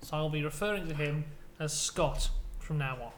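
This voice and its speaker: A British man co-hosting a podcast, telling a made-up comic story in a playful, deadpan way. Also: fairly high pitch, a little fast, slight background noise. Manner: playful, deadpan tall tales. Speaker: podcast co-host.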